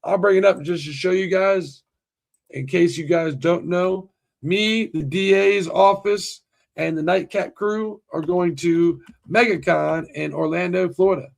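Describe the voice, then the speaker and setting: A man hosting a livestream in casual chat, talking excitably, swearing a lot and restarting his sentences. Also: high-pitched, unhurried, gravelly. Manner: profane and excitable, heavy restarts. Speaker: livestream host.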